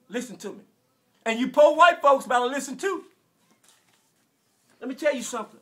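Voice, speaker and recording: A man in his forties from Arkansas with a Southern American accent, delivering an emotional, preachy rant that repeats phrases and bursts into shouts. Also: extremely high pitch. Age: 40s. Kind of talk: impassioned direct-to-camera rant.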